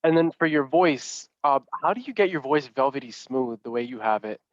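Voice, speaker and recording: Man, interview host, halting speech, muffled dry sound. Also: mid-range voice, lively intonation, no echo. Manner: hesitant, repeats words, full of praise. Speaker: podcast host. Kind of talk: interview questions. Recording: slightly muffled dry audio.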